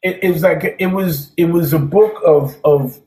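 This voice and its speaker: With a warm tone and a slightly high voice at normal speed, a jazz drummer rambles through stories as a guest in a casual interview. He often repeats words and says "man," and there's an echo in the room.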